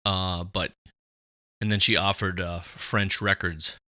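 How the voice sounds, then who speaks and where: Very bright-voiced man chatting loosely. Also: deep voice, slow, no echo, studio quality. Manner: animated, rambling, many fillers. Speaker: podcast co-host. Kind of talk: casual chat.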